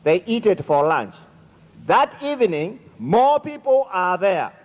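Slow animated male storyteller in a hall. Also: high voice. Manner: slow, dramatic, addresses audience. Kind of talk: animated folk-tale storytelling. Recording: echoey hall.

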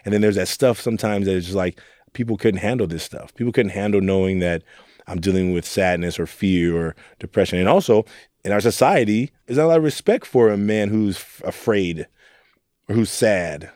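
A man's voice: lowish voice, a little fast, a little mellow, no echo, clean studio sound. A young man from Oakland, a youth mentor, speaking candidly and reflectively in an interview. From Oakland, California. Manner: earnest, reflective storytelling with quoted asides.

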